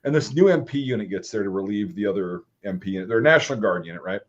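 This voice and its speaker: A man's voice: on the low side, fast talker. A man, an army veteran, co-hosting a casual profane chat and telling war stories with lots of swearing and acted-out quotes. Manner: swears freely, animated storytelling with voiced quotes. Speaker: podcast host and army veteran. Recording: slightly dull lo-fi audio.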